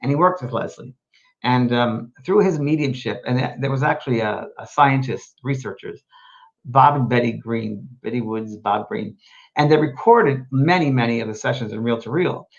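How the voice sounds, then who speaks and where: A man hosting a live show as a medium, answering viewer questions in a gentle, rambling, reassuring way. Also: mid-range voice, moderate pace, dull audio. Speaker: host and medium.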